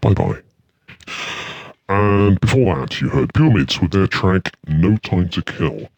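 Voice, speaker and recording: A man's voice: deep voice, animated, measured pace, a little mellow, dry recording. A man hosting an internet radio show, chatting casually between tracks in a dry, rambling, self-mocking way. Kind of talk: casual radio chat and music links.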